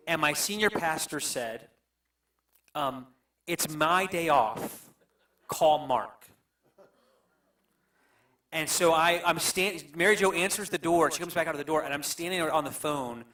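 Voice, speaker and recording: Halting, emotional male pastor, distant mic. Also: a little high, sharp tone. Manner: halting, emotional, many restarts. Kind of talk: storytelling on a panel. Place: church.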